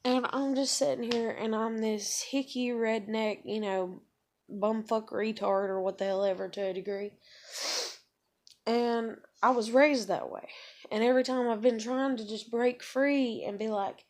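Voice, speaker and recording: A woman's voice: on the high side, steady tone, a little slow, darkish tone. A woman in her thirties venting in a rambling, profane monologue from a room at home. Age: 30s. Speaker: vlogger.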